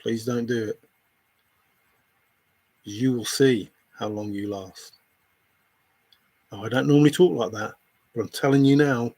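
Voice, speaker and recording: A man's voice: mid-range voice, fairly even intonation, measured pace, long pauses, a little mellow, dry recording. A man livestreaming, confronting a viewer in chat with an angry, repetitive, swearing rant.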